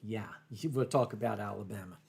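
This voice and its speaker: A man's voice: on the low side, normal speed, vocal fry, a little mellow. An older man hosting a livestream, chatting casually and reading out viewer comments in a rambling, stammering way. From United States. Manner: rambling, stammering, self-deprecating. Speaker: livestream host.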